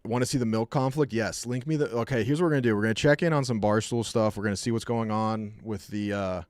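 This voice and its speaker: Low-voiced man rambling on a live stream. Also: steady tone, no echo, clean studio sound. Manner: rambling, jokey storytelling with quick put-on voices. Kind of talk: casual live-stream chat.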